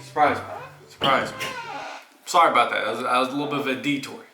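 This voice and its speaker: A man hosting a reaction video, chatting casually and excitably, often stammering and restarting. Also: medium pitch, very fast, gravelly. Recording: echoey room with faint music.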